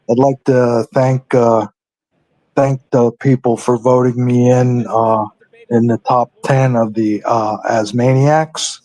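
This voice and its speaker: Male call-in regular, slow and hesitant, lots of uhs, dry sound, mid pitch. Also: warm tone, no echo, rough recording. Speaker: regular caller. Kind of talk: phoning in to a radio show.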